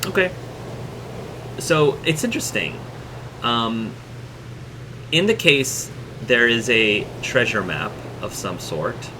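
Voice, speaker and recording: A man narrating as game master of a tabletop game, halting with many ums and restarts. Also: medium pitch, animated. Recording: noisy room hum.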